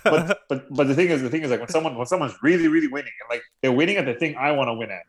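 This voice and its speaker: A man's voice: medium pitch, racing, crowd noise. A young man co-hosting a casual podcast chat, talking hesitantly with many repeated fillers and restarts. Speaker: podcast co-host.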